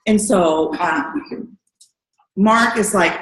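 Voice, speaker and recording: A woman's voice: medium pitch, unhurried, background noise. Earnest middle-aged woman in an echoey room. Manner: earnest, lively storytelling with acted-out quotes. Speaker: distributor sharing a story. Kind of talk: testimonial at a training meeting.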